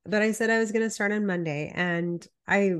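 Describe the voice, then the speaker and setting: A woman's voice: mid-range voice, steady tone, fairly quick, clear, resonant tone. A woman health coach with a stuffy, nasal voice from a cold, chatting casually and a little apologetically as a podcast co-host. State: congested, under the weather.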